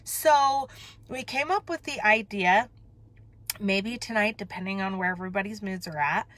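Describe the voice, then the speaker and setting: A woman's voice: medium pitch, moderate pace, a bit bright. A woman talking candidly and emotionally to her viewers from a parked car, rambling and breaking off mid-thought. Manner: emotional, rambling, self-interrupting. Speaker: vlogger. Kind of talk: candid confessional chat.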